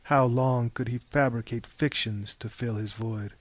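A man narrating a literary audiobook in a measured, intense manner. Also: mid-range voice, steady tone, dry recording.

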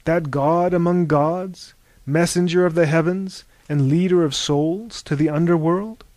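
A man voicing a pompous, excitable old captain in a storybook reading, with grandiose, archaic, exclamatory speech. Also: fairly high pitch, measured pace, no room sound, natural voice.

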